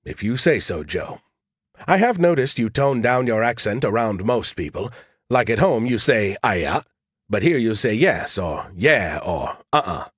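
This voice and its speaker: A man's voice: mid-range voice, very animated, a little slow, slightly rough, no room sound, clean studio sound. A man voicing a smug, sarcastic male AI who talks down to people and teases them. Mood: teasing. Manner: condescending, teasing.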